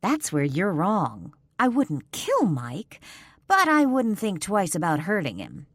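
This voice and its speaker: A woman narrator voicing a fierce, sharp-tongued winged warrior woman, cutting and threatening, quick to anger. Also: lowish voice, huge pitch swings, slightly rough, no echo, studio quality, exaggerated voice. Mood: menacing.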